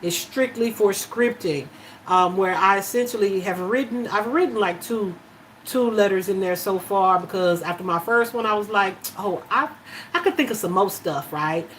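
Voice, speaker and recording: A woman's voice: medium pitch, moderate pace, a little hiss or hum, rough recording. A woman chatting casually on a live stream about spirituality, with many fillers and easy laughter. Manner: warm, emotional, laughs easily, many fillers. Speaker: spiritual live-chat host.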